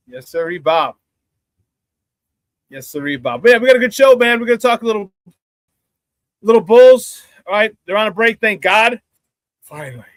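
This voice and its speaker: A man's voice: high-pitched, a bit bright, no room sound. A man hosting a casual live sports talk show, chatting with viewers, laughing often and repeating phrases for emphasis.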